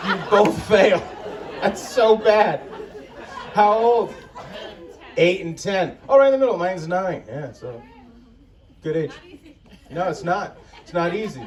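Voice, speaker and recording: A man doing a crude, profane stand-up comedy set in an outdoor festival tent, telling his stories with exasperation. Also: high-pitched. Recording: distant crowd recording with background noise. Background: audience laughter.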